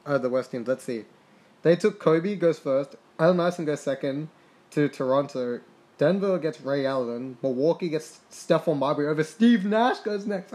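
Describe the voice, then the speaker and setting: A young man talks through a basketball simulation, reading stats and cursing freely as his excitement rises and falls. His voice sits a little high for a man. The delivery is casual and unscripted, the tone of a gaming podcaster. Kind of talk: casual game commentary.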